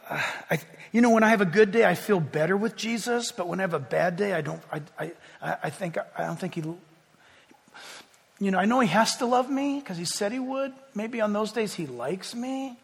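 A man voicing an anxious, unsure believer who speaks quietly and stammers. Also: high-pitched, creaky, breathy edge, voice pushed down, heavily acted. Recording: long reverb of a large hall.

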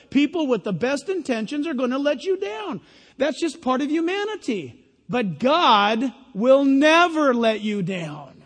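High-voiced, lively preacher man in a hall. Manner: animated preaching with mocking put-on quotes. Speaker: pastor. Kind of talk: sermon. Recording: long reverb of a large hall.

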